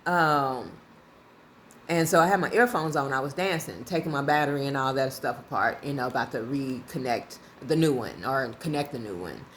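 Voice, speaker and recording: A woman vlogger telling a casual story in a lively, colloquial way, often breaking into laughter. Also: very deep voice, normal speed, slight background noise. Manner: animated, laughing, colloquial and conversational.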